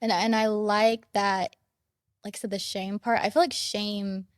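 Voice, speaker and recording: A woman's voice: medium pitch, little pitch movement, a little slow, no room sound, studio quality. Casual woman podcast host. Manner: casual, reflective, many "yeah" and "mm" backchannels. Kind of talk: conversational interview.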